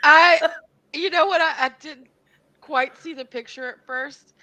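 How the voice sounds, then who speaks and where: A woman co-hosting a livestream talks with a bright, sharp, somewhat high voice. She is chatty and giggles through her remarks. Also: a little slow, dry recording, rough recording. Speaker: livestream co-host. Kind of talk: casual chat.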